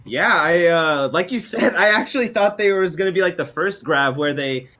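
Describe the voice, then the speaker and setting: A man's voice: high-pitched, lively intonation, normal speed, bright, forceful tone. A man co-casting an esports match, chatty and joking, laughing often. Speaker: esports co-caster. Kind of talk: esports color commentary.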